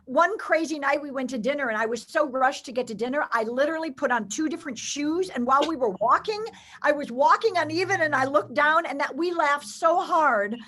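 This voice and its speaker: A woman guest telling faith stories in an expressive way, acting out the voices of the people she quotes. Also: high voice, brisk. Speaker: guest storyteller. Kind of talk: animated faith storytelling.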